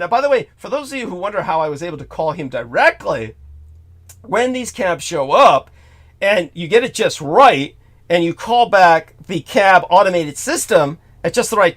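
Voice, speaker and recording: A talk show host delivers a ranting storytelling monologue, profane and exasperated, swinging between mutters and outbursts. His high-pitched voice is expressive and a bit bright, at a moderate pace.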